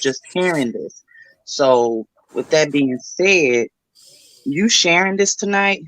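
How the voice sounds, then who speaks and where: A woman's voice: very deep voice, fairly bright tone, no room sound, poor audio. A middle-aged woman calling in to a talk show, speaking in a motherly, encouraging way and using affectionate pet names. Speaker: caller giving advice. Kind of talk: supportive call-in chat.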